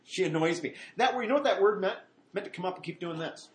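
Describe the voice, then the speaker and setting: A man teaching from the Bible in a relaxed, conversational way, his voice sitting a bit higher than most men's. He keeps breaking into raised, acted-out quotes and then dropping back to plain explanation, with frequent asides and restarts. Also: fast. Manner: animated, acts out quotes in a raised voice. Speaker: pastor.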